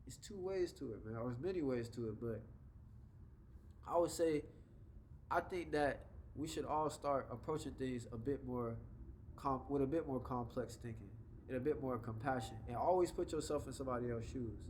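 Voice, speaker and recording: A man's voice: mid-range voice, moderate pace, a little mellow, a little hiss or hum, low-quality recording. A young adult man talking casually to camera with life advice, laid-back and conversational, slipping into short example voices. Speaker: vlogger giving life advice.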